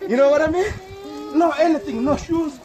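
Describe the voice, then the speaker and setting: A man vlogging outdoors in the snow, playful and laughing, often shouting and repeating himself. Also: extremely high pitch, moderate pace, over a noisy crowd. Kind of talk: excited outdoor vlog. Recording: loud outdoor noise. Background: loud noise.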